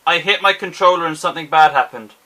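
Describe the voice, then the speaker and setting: Excitable young man commentating a game. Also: fairly high pitch, fast, distant mic. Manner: excitable, self-mocking, exclaims and groans at the game. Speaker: gaming YouTuber. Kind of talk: casual gameplay commentary.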